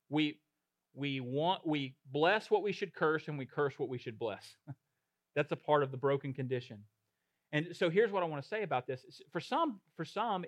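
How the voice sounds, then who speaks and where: A man preaching a sermon, building to loud, emphatic passages with rhythmic repetition. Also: medium pitch, no room sound. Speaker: pastor.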